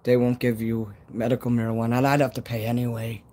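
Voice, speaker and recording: A man's voice: mid-range voice, level tone, fast, warm tone, a little hiss or hum. A man from Chicago with a Chicago accent, chatting casually on a live stream outdoors at night, rambling and swearing freely. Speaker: livestreamer.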